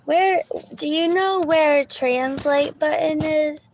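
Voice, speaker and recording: A woman's voice: sits high, takes it slowly, a little hiss or hum, poor audio. A woman telling a rambling story to her viewers from her car, often restarting her sentences and sometimes dropping to a whisper. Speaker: vlogger. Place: car in a parking lot.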